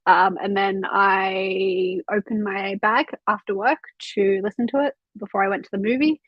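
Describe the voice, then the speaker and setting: A woman's voice: medium pitch, fairly even intonation, moderate pace, dry recording, highs cut off. A young woman hosting a casual reading livestream from home, chatting loosely, swearing freely and reading out chat comments. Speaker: livestream host of a reading sprint.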